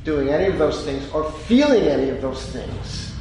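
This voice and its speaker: A man preaching a sermon in an emphatic, deliberate way with pauses. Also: on the high side, big pitch swings, gravelly, noisy background. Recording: echoey hall with long reverb.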